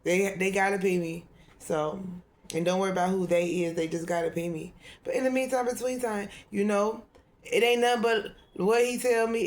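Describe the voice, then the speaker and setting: A woman tarot reader talking in a loose, rambling monologue, swearing freely and laughing often. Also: medium pitch.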